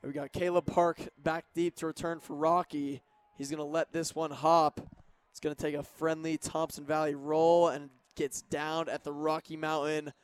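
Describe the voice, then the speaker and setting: Young male radio play-by-play caller, brisk and detailed, smooth voice. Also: on the high side, little pitch movement, no echo. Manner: brisk play-by-play, calling formations and yardage. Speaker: play-by-play announcer. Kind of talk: radio sports commentary.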